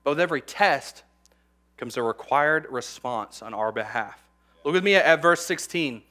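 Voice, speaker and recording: A man's voice: fairly high pitch, expressive, moderate pace, pushed and bright. A young man preaching a sermon to graduating students, conversational, with repeated words and humorous asides.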